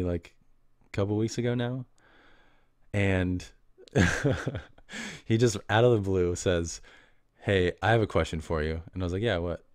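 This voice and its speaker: A man's voice: deep voice, a little mellow, clean tone, no echo, studio quality. A man hosting a podcast, telling loose, meandering stories in casual slang and often laughing at himself. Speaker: podcast host. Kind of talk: casual rambling monologue.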